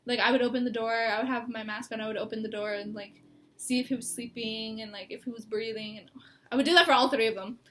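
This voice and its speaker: Bright high-voiced tearful young woman. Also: fairly even intonation, quick pace, a little hiss or hum. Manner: rambling, laughing through tears. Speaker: co-host. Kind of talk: emotional personal sit-down talk. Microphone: mic.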